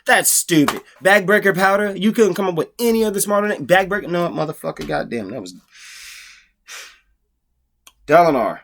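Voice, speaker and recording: A man's voice: sits high, animated, quick pace, gravelly, a bit bright, slight background noise. A man giving a casual, profane rant in his own book review, exasperated and mocking.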